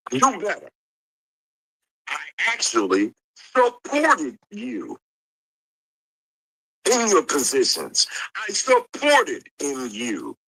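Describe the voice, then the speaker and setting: Man, heated livestream argument, angry, profane, repetitive insults, bright voice, lively pitch. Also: slight background noise, low-quality recording. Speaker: livestream participant. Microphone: streaming call mic.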